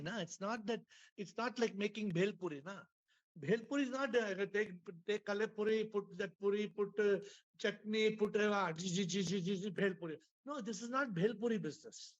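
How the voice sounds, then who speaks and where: High-voiced Indian English spiritual teacher. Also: male voice, lo-fi sound. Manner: storytelling, repetitive, asks the audience questions. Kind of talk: spiritual talk to an online audience. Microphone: video call.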